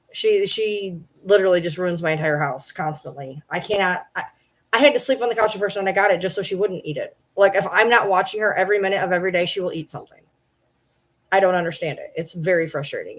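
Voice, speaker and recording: A woman's voice: fairly low pitch, fairly quick. A woman vlogging from home, ranting in a frustrated, repetitive way and swearing freely. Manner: frustrated, swearing, repeats herself. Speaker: vlogger and livestreamer. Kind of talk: casual rant to camera.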